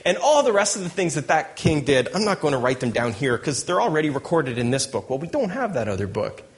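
A man's voice: fairly high pitch, sing-song, fast. A man preaching a sermon who reads scripture aloud and breaks in with joking asides and chuckles. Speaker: pastor. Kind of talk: sermon with Bible reading.

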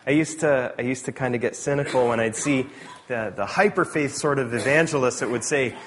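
A man preaching a sermon in a conversational, animated way, correcting himself with quick asides. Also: mid-range voice, a little hiss or hum. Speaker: pastor.

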